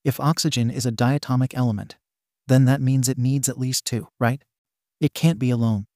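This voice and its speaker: A man's voice: mid-range voice, steady tone, moderate pace, dark tone, dry recording, clean studio sound, natural voice. A man reading a stammering shy teenage boy. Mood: flustered. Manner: stammering, nervous.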